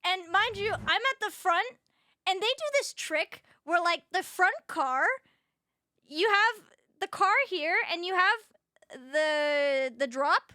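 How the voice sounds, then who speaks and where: A young woman streamer telling an animated story in casual chat, swearing freely. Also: very high voice, slow pace, dry recording. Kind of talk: casual chat while gaming.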